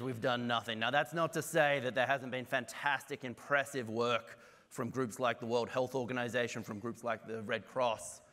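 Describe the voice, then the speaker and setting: A man with an Australian accent giving a conference keynote, brisk and self-deprecating with jokes. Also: medium pitch, sharp tone. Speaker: keynote speaker.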